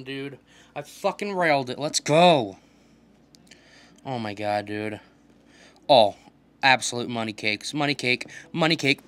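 A young man giving casual commentary while playing a video game, swearing often and trash-talking opponents in an excitable way. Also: mid-range voice, unhurried, long pauses. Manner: profane, excitable trash talk. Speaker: gaming channel host.

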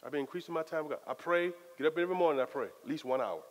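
A man preaching a sermon as pastor, in a lively, conversational style full of casual Southern phrasing. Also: a little high, rapid-fire. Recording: long hall reverb.

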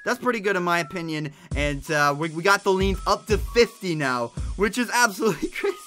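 A young man hosting a casual gaming livestream, excitable and chatty, yelping at mishaps and thanking donors aloud. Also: high voice, brisk, soft background music. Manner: excitable, loud yelps, reads donations aloud. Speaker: livestream host.

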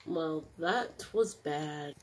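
A woman giving casual gameplay commentary, excitable, squealing and yelling taunts. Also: sits low, drawn-out words. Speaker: gaming streamer.

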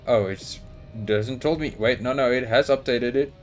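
A man's voice: mid-range voice, normal speed. A young man commenting on his game as he plays, panicking aloud and talking to his character and the monster. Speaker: gaming YouTuber. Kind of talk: let's play commentary. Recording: faint music behind. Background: game music.

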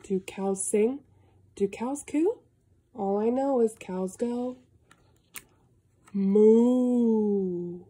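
Woman reading a kids' picture book, high bouncy voice, super slow, kinda husky. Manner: slow, sing-song, animated with gasps and animal sounds. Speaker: storybook reader.

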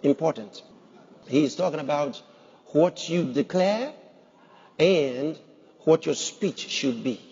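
A man's voice: fairly high pitch, expressive, slow, long pauses, mellow, slightly rough. A man preaching a sermon as pastor, emphatic, putting rhetorical questions to his congregation. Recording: dull sound with long hall reverb.

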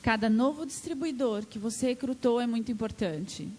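A woman gives a consecutive interpretation of a speech, line by line. She speaks in a slightly raised voice with a measured, steady delivery. The sound carries the long reverb of a large hall. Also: a little high.

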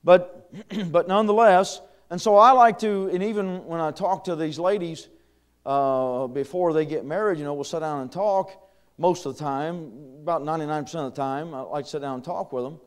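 A man's voice: on the high side, moderate pace, smooth. Folksy preacher man. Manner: folksy, conversational preaching with chuckles and fillers. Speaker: pastor. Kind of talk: sermon. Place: church sanctuary.

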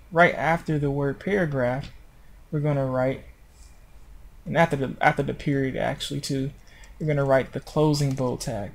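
A man's voice: fairly high pitch, vocal fry. A man narrating a screencast tutorial on web design, explaining step by step in an informal way and correcting himself as he goes.

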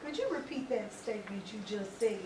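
A woman's voice: mid-range voice, animated, fairly quick. A woman in the audience asking the speaker to repeat what he said. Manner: asks for a statement to be repeated. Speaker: audience member. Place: large auditorium. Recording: echoey hall, far from mic, noisy.

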